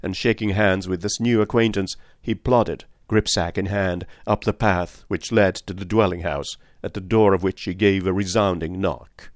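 A low-pitched man narrates a classic novel at a measured storytelling pace. The recording is close and very dry, with no room reverb. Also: fairly even intonation. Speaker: audiobook narrator. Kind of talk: scripted narration.

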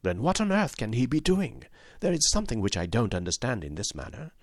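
A man voicing a sharp male detective who speaks in a hushed, quick, questioning voice. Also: medium pitch, wildly swooping pitch, no echo, studio quality.

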